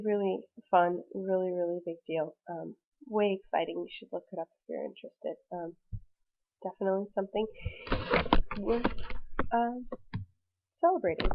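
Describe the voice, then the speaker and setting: A woman teacher giving a recorded class lecture, chatty, with many ums and restarts. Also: mid-range voice. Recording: tinny phone-like audio.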